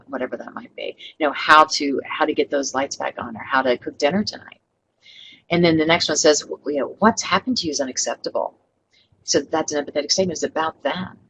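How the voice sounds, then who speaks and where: Webinar trainer, woman, middle-aged, low voice, upbeat coaching delivery with faint background hiss. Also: low-quality recording. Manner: upbeat coaching tone, acts out sample customer lines.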